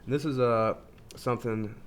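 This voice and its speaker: A man's voice: mid-range voice, steady tone, moderate pace, a little hiss or hum. A man talking casually in a rambling self-help monologue, full of fillers and restarts. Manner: informal, says "like" constantly. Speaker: video host.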